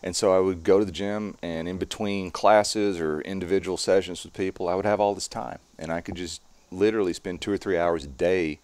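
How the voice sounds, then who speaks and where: A man in his late forties, a strongman performer, explaining calmly and at length in a podcast interview. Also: low-pitched, dry recording. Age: 40s. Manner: calm, measured, explanatory.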